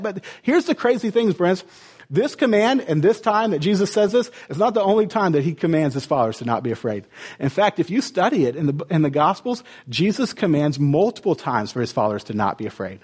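A man preaching a sermon as a pastor, retelling the story with lively rhetorical questions. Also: high voice, a little fast, husky.

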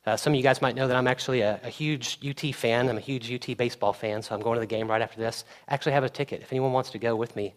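A man's voice: medium pitch, very fast, hardly any pauses. Casual, conversational young male pastor. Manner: conversational, animated when storytelling. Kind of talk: sermon.

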